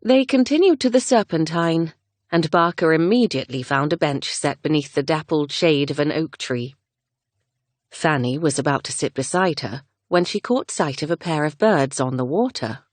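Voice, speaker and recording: A woman narrating a romance audiobook in a gentle, measured reading. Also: deep voice, dry recording. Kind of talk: scripted narration.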